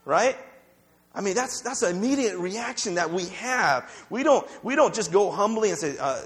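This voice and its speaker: A man with a notably high voice delivers a conversational sermon. He stumbles and repeats words as he goes and keeps checking in with the congregation. It sounds like a pastor talking through a passage in church. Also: lively intonation, normal speed. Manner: conversational preaching, repeats words, asks "right?" often.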